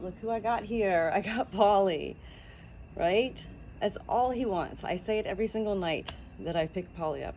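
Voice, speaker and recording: A woman's voice: on the low side, mellow, slight background noise, poor audio. A woman vlogging casually to the camera about her pet rooster at home, upbeat and cooing at the bird.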